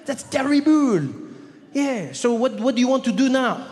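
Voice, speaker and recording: Chummy young French clerk with a French accent, loud and breezy, pitched high, as a man puts him on. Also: normal speed, long reverb tail. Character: young laid-back French airport clerk.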